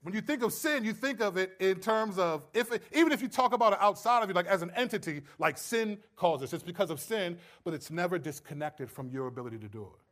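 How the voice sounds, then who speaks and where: A man with a notably high voice delivers a sermon, teaching verse by verse. His delivery is animated and playful, and he slips into little acted-out exchanges to drive home his point. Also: quick pace, hardly any pauses. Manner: animated, acts out quoted voices with humor. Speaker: preacher.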